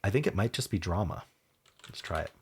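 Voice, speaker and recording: A man hosting a word-puzzle video, thinking aloud as he solves it, spelling out letters and trailing off softly, with keyboard typing behind him. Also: low-pitched, lively intonation, fairly quick, husky. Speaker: Wordle video host.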